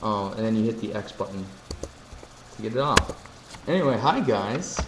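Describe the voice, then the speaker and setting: A man's voice: lowish voice, lively intonation, moderate pace, fairly bright tone. A man hosting a live stream, chatting casually with viewers, joking and reading chat messages aloud. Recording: echoey room with faint ambient noise.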